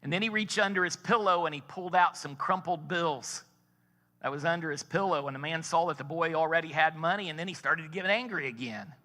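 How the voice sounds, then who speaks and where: A pastor's brisk, high-leaning voice, pushed and bright, rings with church hall reverb as he preaches in a large sanctuary. He tells a story and asks his congregation questions.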